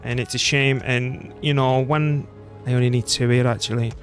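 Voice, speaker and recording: British male streamer, middle-aged, chatty and self-deprecating, mid-pitched, faint music underneath. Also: steady tone, moderate pace. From Britain. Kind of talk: casual gameplay commentary.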